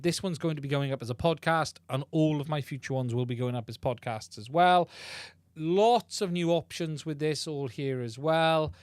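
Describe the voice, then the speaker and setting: A man hosts a casual livestream, talking in a chatty, self-deprecating way and often repeating himself. His voice sits a little high and sounds dry and close, recorded on a studio mic through a podcast mixer. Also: clean tone, no room sound. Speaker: livestream host.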